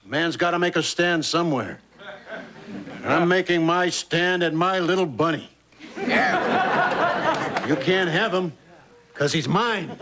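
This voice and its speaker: A man's voice: high-pitched, sing-song, takes it slowly, pauses often, over a noisy crowd, very noisy, full character voice. A middle-aged man playing a crude, cynical sitcom father who makes wisecracks. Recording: sitcom audio over a loud laugh track. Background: studio audience laughter.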